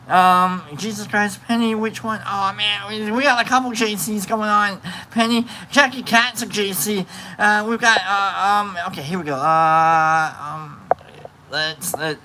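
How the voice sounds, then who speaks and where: A man hosts a casual livestream with a bright, sharp-edged voice, reading out and answering viewer comments in a playful, rambling way. He restarts sentences often and fills the gaps with "uh" and "um." A faint background noise sits under his voice. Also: high-pitched, rough recording. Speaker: livestream host.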